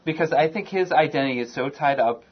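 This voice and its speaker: A man's voice: on the high side, fast, a little hiss or hum. A man in a casual group discussion, reasoning a point out step by step. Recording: dull lo-fi sound.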